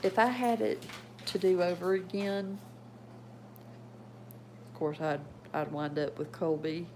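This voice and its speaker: Lady rambling about her pets at home, kinda low voice, slow and gravelly. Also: steady tone, warm tone, a little hiss or hum, low-quality recording. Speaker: pet owner showing her animals. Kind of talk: casual home video chat.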